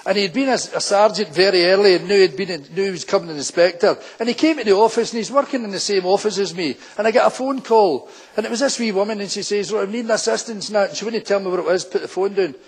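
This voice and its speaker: An older Scottish man with a broad Glaswegian accent spins police anecdotes as live stand-up, slipping into the voices of the people he met. His voice sits fairly high for a man and has a husky edge to it. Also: quick pace, hardly any pauses. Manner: anecdotal, acts out quoted characters in broad local dialect. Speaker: stand-up comedian, former policeman. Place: town hall stage before a full house.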